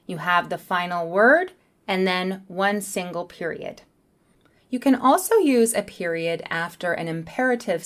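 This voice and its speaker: Clear, careful woman teaching English. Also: mid-range voice. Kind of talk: beginner English lesson.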